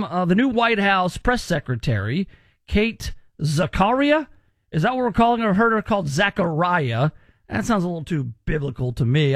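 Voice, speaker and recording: A man's voice: high voice, no echo, studio quality. A man in his thirties hosting a radio talk show, chatty and wry with rambling asides. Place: radio studio.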